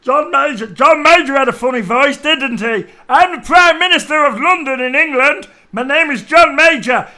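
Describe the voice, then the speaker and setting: A man putting on a mocking falsetto caricature of a middle-aged male politician. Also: lively intonation, moderate pace, few pauses, pushed and bright, full character voice.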